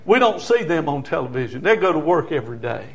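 A man's voice: fairly high pitch, very animated, quick pace. A middle-aged man preaching a fervent sermon and calling the congregation for amens. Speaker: pastor.

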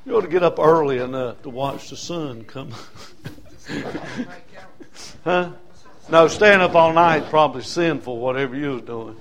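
An older preacher, a man with a fairly high voice, delivers his sermon with fervor. He drives his points home through rhythmic repetition and breaks into folksy asides along the way. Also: fairly quick, fairly bright tone.

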